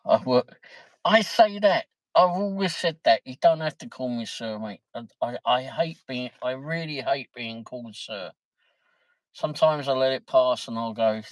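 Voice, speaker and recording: A man's voice: medium pitch, normal speed, no echo, poor audio. A middle-aged man, chatting casually on his livestream, reading viewer comments, laughing easily and swearing mildly. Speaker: livestream host.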